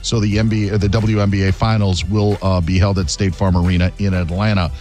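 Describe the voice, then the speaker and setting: A man delivering a sports news update in a steady, matter-of-fact way. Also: sits low, quick pace, faint music behind.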